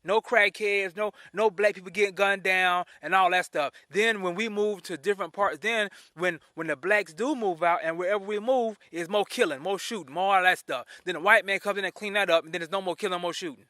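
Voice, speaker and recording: Indignant and brisk, this high-pitched man vlogs an opinion rant to camera, pausing little and circling back to restart and repeat phrases. The tone is sharp and the recording dry and studio quality.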